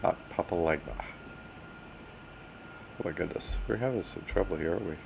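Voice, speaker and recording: A man with a somewhat low voice hosts a casual livestream and talks straight to his chat in animated bursts. He grumbles as he fumbles with his screen, and faint room noise sits behind him. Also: moderate pace, gravelly. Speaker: livestream host answering chat.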